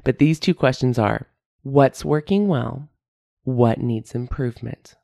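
Candid woman podcaster, dark gravelly voice. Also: a bass voice, measured pace, no room sound, studio quality. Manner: candid, laughs at herself, repeats key phrases. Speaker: podcast host. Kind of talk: reflective solo podcast talk.

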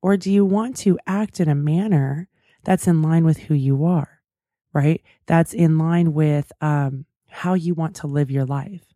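Speaking a little slowly in a low, mellow voice, a woman hosting a talk show shares a personal story, chatty and reflective and full of asides. She's a podcast host in a casual storytelling monologue, recorded in clean studio sound with no room sound.

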